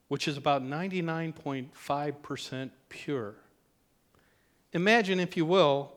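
Male pastor, sermon, fairly high voice, easygoing with jokes, church hall reverb. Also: fairly bright tone. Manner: conversational with joking asides.

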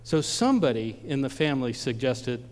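A man's voice: mid-range voice, big pitch swings, moderate pace. A preacher from Ohio telling a personal story in a sermon, acting out the voices of the people in it and often repeating his words. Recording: long reverb of a large hall.

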